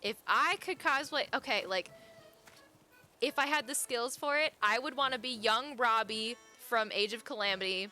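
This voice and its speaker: A young woman chatting casually with her viewers as a live streamer, chatty and quick to get excited, laughing often. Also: on the high side, soft background music.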